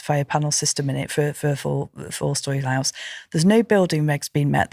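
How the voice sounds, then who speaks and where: A middle-aged woman talks as a guest in a conversational interview. Her voice sits low, and her telling is emphatic, animated and indignant. The sound is dry and close, with no room around it. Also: no echo. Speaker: podcast guest, professional landlord.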